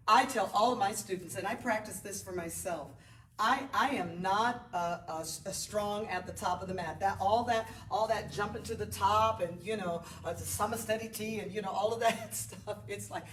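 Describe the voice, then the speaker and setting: A woman's voice: mid-range voice, moderate pace, distant mic, a little hiss or hum. A woman yoga instructor guiding a beginner class, chatty and encouraging as she calls out breath cues. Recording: roomy, off-mic with faint ambience.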